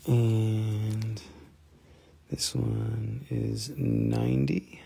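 A man's voice: lowish voice, very animated, drawn-out words, vocal fry, mellow, husky. A man hosting a live crystal sales stream, joking around and switching into playful broken-English banter.

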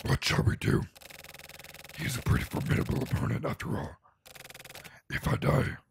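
A man voicing a mysterious unknown man in a deep, gravelly demon voice while reading game dialogue on a stream. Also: moderate pace, slight background noise, natural voice. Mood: ominous.

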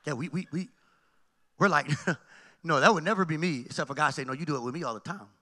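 A man's voice: a little high, quick pace, sharp tone. A man preaching a sermon as pastor in a church sanctuary, calling out to the congregation. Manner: preaching with call-and-response asides. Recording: long hall reverb.

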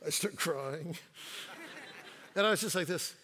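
An older man in his sixties delivers a sermon with a high, bright, forceful voice. He tells stories with light quips and occasional stumbles. His voice rings out with the long reverb of a church hall. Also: measured pace, pauses often, breathy edge. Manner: storytelling with quips and hesitations. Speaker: guest pastor. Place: church sanctuary.

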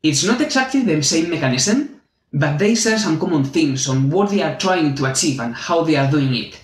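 A man with a Spanish accent giving a clear, methodical university biology lesson as the channel's teacher. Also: a little high, animated, normal speed. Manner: clear, methodical, friendly explaining. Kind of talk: university lecture explaining with drawings. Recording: echoey room.

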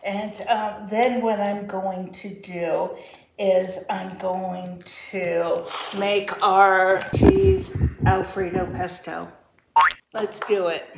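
A woman's voice: medium pitch, very slow, creaky, roomy sound, background noise. A woman hosting a casual cooking demonstration, playful and chatty, with silly asides to her viewers. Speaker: cooking vlogger. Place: cabin kitchen.

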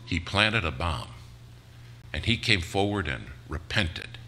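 A man's voice: sits low, very animated, takes it slowly, bright, forceful tone, slight background noise, exaggerated voice. A man voicing a bold, teasing older churchwoman who speaks bluntly and fervently in a drawl. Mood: matter-of-fact.

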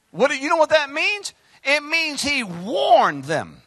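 A male pastor preaching an impassioned sermon, breaking into shouts. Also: sits high, wildly swooping pitch, unhurried, no room sound. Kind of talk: fiery sermon.

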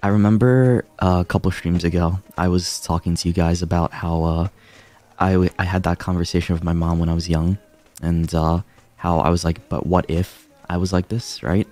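A man talking casually on a stream, halting, with many fillers and restarts. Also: deep voice, fairly even intonation, a little mellow.

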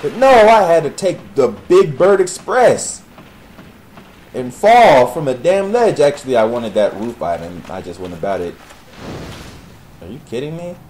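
Young male gamer, sarcastic and profane, very animated pitch, light background noise. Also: unhurried, rough recording. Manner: sarcastic, profane, talks to the game characters. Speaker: gaming commentator. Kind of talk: Let's Play commentary.

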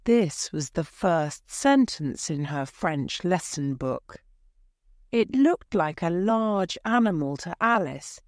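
A woman narrating a graded reader story for English learners, reading slowly, clearly and carefully. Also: on the low side, no echo, studio quality.

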